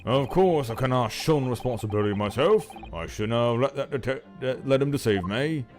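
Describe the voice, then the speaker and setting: A man voicing a gruff old prison governor with a put-on Scottish accent, brusque and folksy, using Scots words while reading game dialogue. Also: mid-range voice, animated, moderate pace, darkish tone, soft background music, pitched above the performer's own voice, close to an everyday voice.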